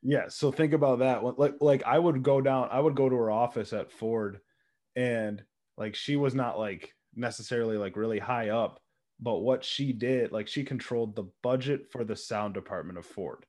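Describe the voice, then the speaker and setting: A man co-hosting a casual chat, telling animated stories with frequent laughs and swearing. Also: mid-range voice, normal speed. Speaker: podcast co-host.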